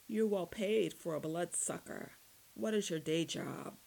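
A woman's voice: on the low side, unhurried, creaky, darkish tone, exaggerated voice. A woman voicing a cocky male vampire hunter who cracks corny jokes at his prisoner. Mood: mocking. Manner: mocking, jokey.

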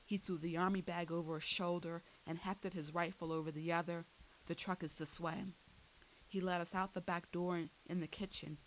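A woman reads a first-person thriller aloud, her voice sitting low. She leans into the drama and lifts sharply when the action peaks. A faint hiss runs under the recording. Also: level tone, a little fast, hardly any pauses, low-quality recording. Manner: dramatic, rises sharply for shouted lines. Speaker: audiobook narrator. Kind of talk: first-person story reading.

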